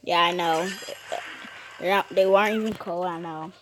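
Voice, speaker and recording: A woman's voice: on the low side, fairly even intonation, normal speed, slight background noise, rough recording. A woman giving casual, playful commentary while playing a game, talking to the characters and cracking puns. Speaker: gamer.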